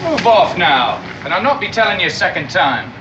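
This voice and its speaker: A flustered army corporal. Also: male voice, high voice, very animated, brisk, muffled recording, over music. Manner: deferential to superiors, brusque with townsfolk. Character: flustered male army corporal, dutiful and gruff.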